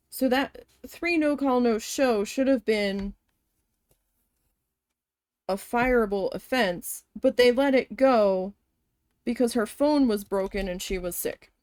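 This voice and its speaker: On a dry recording, a woman with a higher-pitched voice vents about a former job during a casual storytime as she embroiders. The vlogger is animated, swears, and acts out the lines other people said.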